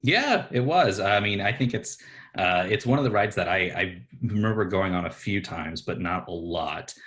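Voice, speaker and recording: A man with a very low voice co-hosts a casual podcast chat. He teases in a dry way and pads his talk with fillers. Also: lively intonation, normal speed, fairly bright tone. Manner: dry, teasing, filler-heavy. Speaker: podcast co-host.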